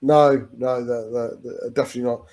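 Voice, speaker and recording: A man's voice: medium pitch, steady tone, fairly quick, darkish tone. A man chatting casually as a fan co-host during a live football watch-along, rambling with restarts and calling his friend "mate".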